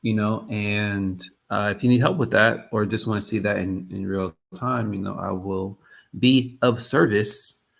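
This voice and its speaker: A lowish, gravelly voice, steady and unhurried, belongs to a man running a live trading stream. The chat is loose, and he repeats himself frequently.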